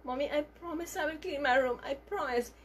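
A woman's voice: high voice, brisk, slight background noise, voice pushed up, lightly acted. A woman voicing a young boy who pleads and keeps promising to do better. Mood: pleading. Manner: pleading, repeats himself.

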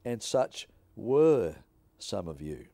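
A man reading scripture aloud in a measured, announcer-style delivery. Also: fairly low pitch, very animated, warm tone, dry recording. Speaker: scripture reader.

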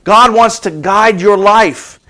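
High-voiced man preaching with animated swings. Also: slow. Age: 50s. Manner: animated preaching, dropping to soft asides then rising high. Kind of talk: sermon.

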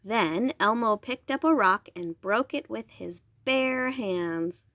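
A woman reading a bedtime story aloud, slowly and gently. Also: medium pitch, lively intonation, no echo. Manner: slow, gentle, clear.

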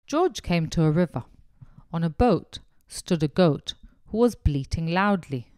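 A woman reads a children's picture book aloud at a very slow, gentle pace. Her voice sits low for a woman and the recording is close and dry. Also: animated, clear, resonant tone, no room sound. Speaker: narrator.

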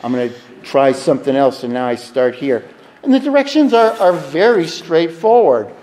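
A man's voice: on the high side, big pitch swings, normal speed, a little mellow. A man speaking frankly and with wry humor at a recovery meeting. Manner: frank, confessional, wryly humorous. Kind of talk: personal recovery talk. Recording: reverberant hall.

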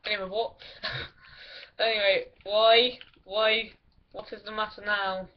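A gameplay commentator chats casually with friends over a video game, giggly, rambling and full of crude jokes. Her mid-range voice is slow and level in tone, in a lo-fi recording with clear background music.

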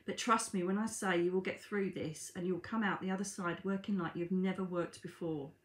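A woman's voice: lowish voice, steady tone, a little fast, lightly acted. Woman voicing a dead father's earnest spirit. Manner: earnest, urgent pleading. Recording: echoey room.

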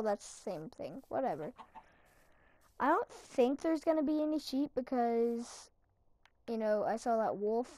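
A woman's voice: a little high, a little mellow, slight background noise. A young woman giving rambling, self-mocking commentary while playing a game. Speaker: gaming channel host. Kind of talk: casual Minecraft commentary.

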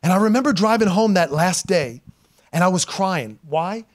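A pastor in his forties preaches a sermon to his congregation in a church sanctuary, emphatic and animated. He swings from loud calls to hushed storytelling and laughs at himself. His voice is high, at a moderate pace.

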